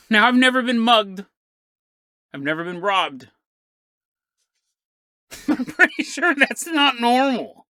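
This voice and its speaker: A man hosting a podcast, narrating a strange story in an animated, joking, conversational way. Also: high voice, no echo, clean studio sound. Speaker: podcast host.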